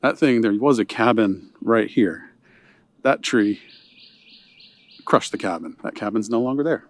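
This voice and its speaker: A man with a fairly low, unhurried voice gives a casual walking tour of a hunting camp outdoors, huffing a little in the heat. It's captured on a handheld camera with no echo, and he stays relaxed and chatty, pointing things out as he goes.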